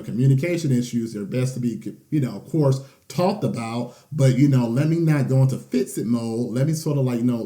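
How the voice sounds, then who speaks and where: A man's voice: mid-range voice, mellow. A man talking through a collective tarot reading in a loose, conversational way, tagging many sentences with "okay?" and "you know". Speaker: tarot reader.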